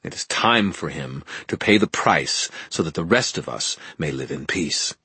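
A man's voice: a bass voice, normal speed, dry recording, exaggerated voice. Man playing a cold, scheming elder wizard. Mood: flat. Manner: smooth, flat, condescending.

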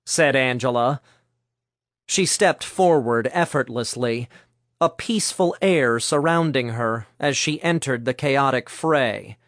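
A man narrating an audiobook in a brisk, even storytelling manner. His voice sits at middle pitch. The recording is dry and close. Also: no room sound.

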